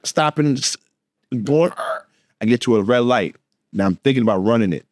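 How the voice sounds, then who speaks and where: A man co-hosting a podcast, telling a story in a lively, laughing way and acting out the voices in it. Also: on the low side, fast talker, dry recording, studio quality. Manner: animated, laughing, acts out voices in his story. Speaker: podcast co-host. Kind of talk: casual storytelling chat.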